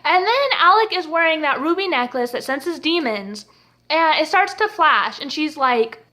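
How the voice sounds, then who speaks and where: A young woman with a high, bright voice recaps a TV episode. She talks casually and sarcastically. She often breaks into laughter mid-sentence. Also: expressive, normal speed. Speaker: TV episode reviewer.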